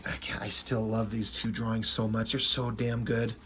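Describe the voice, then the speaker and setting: A man's voice: on the low side, completely flat delivery, normal speed, fairly bright tone, a little hiss or hum. Man rambling about a comic he loves. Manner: enthusiastic, rambling, with frequent fillers. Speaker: comic book reviewer. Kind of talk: casual comic book review.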